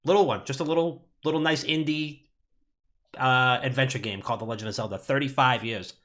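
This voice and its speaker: A male podcast host at an average pitch, talking casually and animatedly. He rambles through stories with lots of filler and cursing. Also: a little fast. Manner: animated, swearing, rambling storyteller.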